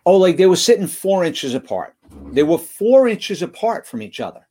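A man's voice: sits high, sing-song, moderate pace, dark tone. A man who speaks at schools, telling a story in an interview, earnest and often restarting his words. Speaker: guest, motivational school speaker. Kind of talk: storytelling in conversation.

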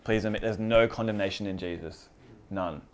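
A man's voice: lowish voice, a little fast. A man preaching a casual sermon to a small group, earnest and conversational, often repeating himself. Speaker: pastor.

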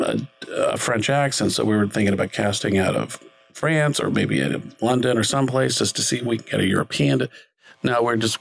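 A man's voice: mid-range voice, gravelly, rough recording. A middle-aged man, a film director, telling a long story in an interview, rambling with many fillers and self-corrections. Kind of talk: conversational storytelling.

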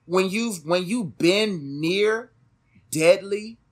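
A man's voice: high-pitched, very slow. A young man co-hosting a podcast, giving emphatic, preachy life advice in a casual chat, repeating phrases for stress. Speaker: podcast co-host. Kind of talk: casual motivational talk.

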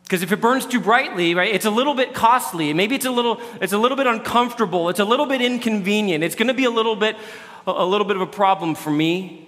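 A man's voice: sits high, quick pace, fairly bright tone, big-room sound. A man preaching a sermon in a loose, conversational way, often restarting his sentences. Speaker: pastor.

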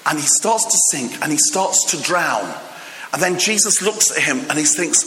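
Male preacher, bright and high, playful acted-out storytelling, recorded in a reverberant hall. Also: big pitch swings, a little hiss or hum. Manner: humorous storytelling with acted voices; halting restarts. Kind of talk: sermon.

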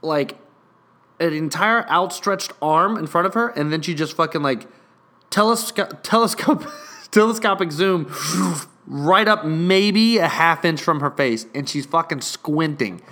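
A man's voice: on the high side, lively intonation, measured pace, bright, forceful tone. Young man swearing through a work story. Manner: profane, rambling, acts out quotes. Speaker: hotel worker telling a story. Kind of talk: casual storytelling to viewers.

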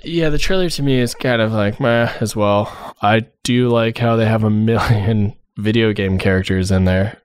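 A man co-hosting a podcast in an animated, somewhat hesitant way, full of fillers, sometimes jumping into high silly voices. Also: moderate pace, hardly any pauses, clear, resonant tone, no room sound. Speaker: podcast co-host. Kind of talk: casual chat.

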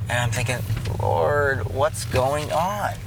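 Earnest man telling a faith story over traffic noise. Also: medium pitch. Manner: halting, many restarts, earnest. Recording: clear road and traffic noise.

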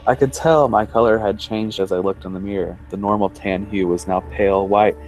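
A low-voiced man narrates a creepy first-person tale at a measured, suspense-building pace. Quiet music runs faintly beneath his voice. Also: steady tone. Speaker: podcast storyteller. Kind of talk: reading a first-person horror story.

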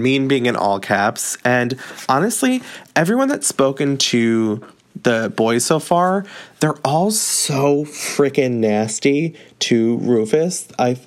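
A young man casually recapping a book, candid and chatty, often breaking into laughter. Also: medium pitch. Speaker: book reviewer.

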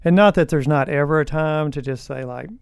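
A man's voice: on the high side, brisk, gravelly, clean tone, no room sound, clean studio sound. A man co-hosting a leadership podcast, reflective and hesitant, often restarting and trailing off his thoughts. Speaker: podcast co-host.

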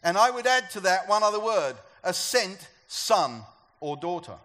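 A man's voice: high voice, very animated, unhurried, sharp tone. A man preaching a sermon to a church gathering, talking conversationally and asking the congregation questions. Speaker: pastor.

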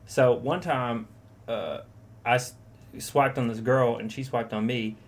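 A man's voice: mid-range voice, fairly even intonation, unhurried. A young man co-hosting a casual chat, rambling and profane, acting out quoted lines as he tells stories. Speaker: podcast co-host.

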